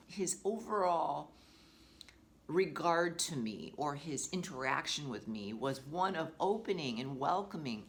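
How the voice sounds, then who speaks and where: A middle-aged woman telling a story in a casual vlog. As an animal communicator, she talks in a chatty, emotional way. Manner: chatty, emotional, swooping up high when excited.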